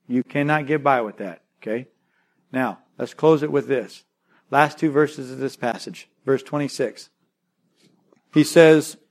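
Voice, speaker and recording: A man preaching a sermon as pastor, swinging from loud urging to quiet intensity and repeating key phrases. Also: medium pitch, moderate pace.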